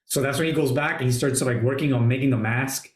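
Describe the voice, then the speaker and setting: Excitable swearing man in a roomy room. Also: medium pitch, fast talker. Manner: swears a lot, retells scenes excitedly. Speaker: podcast host. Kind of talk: casual movie review chat. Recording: roomy echo.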